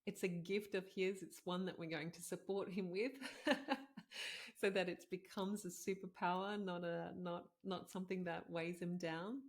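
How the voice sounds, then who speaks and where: A woman's voice: lowish voice, flat delivery, moderate pace, hardly any pauses. A woman in her thirties, a podcast host and doctor, telling a personal story in a heartfelt, conversational way with many fillers.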